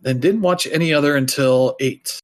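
A man's voice: fairly high pitch, normal speed. A man chatting casually as a podcast co-host, rambling loosely with lots of fillers and dropping wry, offhand asides. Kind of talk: casual chat.

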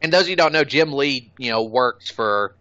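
A man's voice: medium pitch, lively intonation, moderate pace, pushed and bright, no room sound. A man chatting casually on a podcast, blunt and opinionated, swearing freely and laughing at his own jokes. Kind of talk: casual chat. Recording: dull lo-fi sound.

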